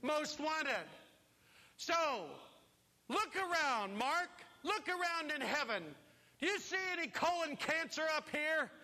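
High, bright-voiced preacher in a big hall. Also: male voice, unhurried. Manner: animated storytelling, acts out voices. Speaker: pastor. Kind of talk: sermon. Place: church. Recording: long reverb of a large hall.

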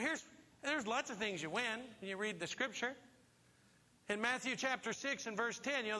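High, bright-voiced preacher in a big hall. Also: male voice. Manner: animated storytelling, acts out voices. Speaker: pastor. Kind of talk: sermon. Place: church. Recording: long reverb of a large hall.

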